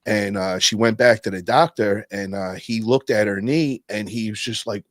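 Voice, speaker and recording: Podcast host: man, lowish voice, slangy and profane storyteller, dry close mic. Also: steady tone, normal speed, no room sound. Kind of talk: casual podcast chat.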